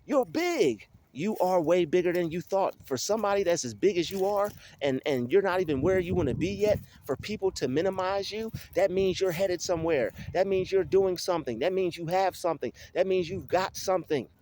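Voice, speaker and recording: A man's voice: high voice, a little mellow. Emphatic man giving a motivational talk. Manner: repetitive, emphatic, preachy. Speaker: motivational vlogger. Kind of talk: casual motivational monologue.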